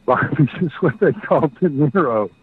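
A middle-aged man telling a story as a guest, halting, with many fillers and restarts. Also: on the high side, expressive, husky, no room sound. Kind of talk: casual storytelling. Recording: dry tinny phone-like line.

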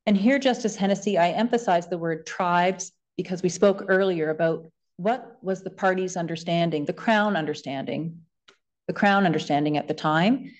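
Measured woman lawyer making a submission. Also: lowish voice. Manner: measured, reads passages aloud from documents. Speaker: government lawyer. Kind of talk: formal closing submission in court. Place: courtroom.

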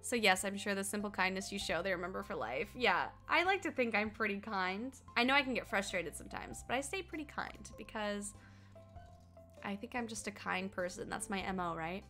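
Giggly twenty-something gal chatting with her stream, super bright tone, pitch right in the middle. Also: a little fast, faint music behind. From Colorado, United States. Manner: chatty, laughs often, reads chat aloud and answers. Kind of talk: casual chat while gaming.

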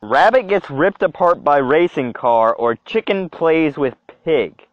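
A young man giving reaction commentary as a video creator, animated and exclaiming to himself. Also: on the high side, a little slow, no room sound. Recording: dull lo-fi dry recording.

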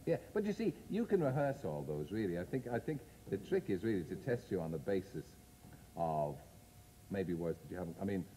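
A man's voice: deep voice, very animated, background noise. A man hosting a chat show in front of a studio audience, bantering and teasing his guest. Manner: teasing, quick-witted banter. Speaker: talk show host.

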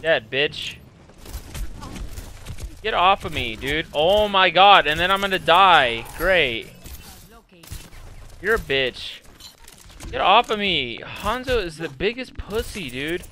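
A man's voice: high voice, animated, slow, pauses often. Furious cursing young man gaming. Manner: raging, cursing constantly, yelling at opponents. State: angry and agitated. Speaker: gaming streamer. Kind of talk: live gameplay commentary.

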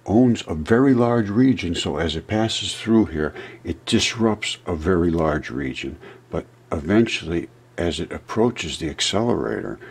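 An amateur science vlogger explains his ideas in a meandering, storytelling way, losing track and starting over. His voice is deep and husky.

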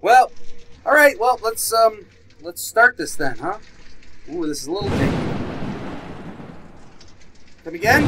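This gaming YouTuber plays a VR horror game, yelping, cursing, talking back to the game and keeping up running commentary, probably into a headset mic. His voice sits high and sing-song, and he speaks unhurriedly with frequent pauses. The audio is very noisy.

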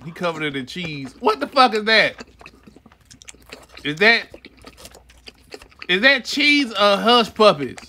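A streamer doing casual reaction commentary, swearing freely and shouting questions back at the screen. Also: mid-range voice, very animated, takes it slowly, pauses often. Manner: profane, exclaiming, talking back to the screen. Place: home streaming setup. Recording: noisy stream mic.

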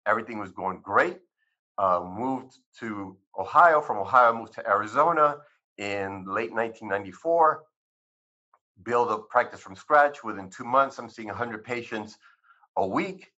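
A man's voice: fairly low pitch, measured pace. A man in his fifties, a physician guest, telling his life story in an interview and acting out the conversations he recalls. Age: 50s. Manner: animated storyteller who acts out dialogue. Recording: dull lo-fi sound.

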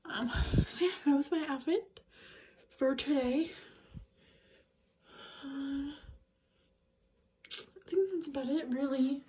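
High-voiced, unhurried woman vlogging casually. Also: mellow, rough recording. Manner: chatty and giggly, with many fillers and restarts. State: out of breath. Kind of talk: casual daily vlog chat. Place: car, then home.

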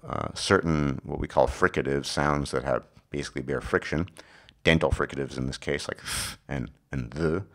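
A hoarse man giving an unscripted video lecture, explaining at a halting pace with frequent restarts and self-corrections. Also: rumbling low, fairly bright tone.

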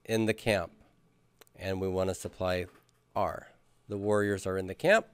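With a low voice, flat delivery and measured pace, a man teaches Hebrew grammar, patiently drilling students and having them repeat after him. The tone is clean, and the class is a lecture with questions.

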